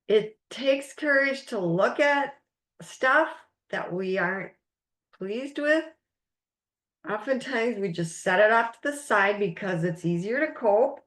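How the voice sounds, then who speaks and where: A woman's voice: mid-range voice, a bit bright. A woman life coach teaching a recorded masterclass, speaking in an encouraging, emphatic way and stressing key words.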